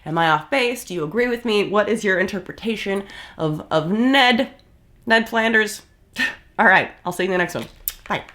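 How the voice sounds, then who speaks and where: A woman's voice: mid-range voice, animated, moderate pace, fairly bright tone. A woman in her thirties giving casual, blunt and sarcastic commentary as a YouTube host.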